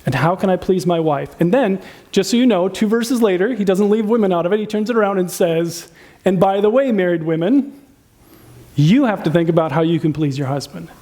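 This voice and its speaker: Speaking a little fast in a high, warm voice with lively intonation, a pastor delivers a sermon about relationships. He talks conversationally, puts questions to the congregation, and raises his voice to act out what spouses complain about.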